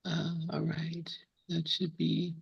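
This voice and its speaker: Soft slow-talking lady host on a video call, lowish voice, dull dry sound. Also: monotone, creaky, husky, dry recording. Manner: gentle, measured, pauses often. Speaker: group host. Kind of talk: slow poem reading and group chat.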